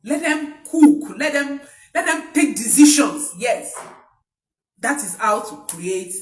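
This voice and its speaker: A woman's voice: a little high, expressive, slow pace, a little mellow. A woman, coaching parents in an emphatic talk that repeats key points. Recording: echoey room, voice from a distance.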